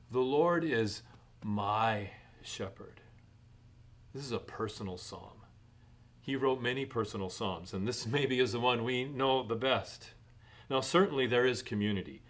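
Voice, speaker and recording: A middle-aged man preaches a sermon at a mid pitch. He talks in a measured, steady way and lifts his voice to stress key points. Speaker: pastor.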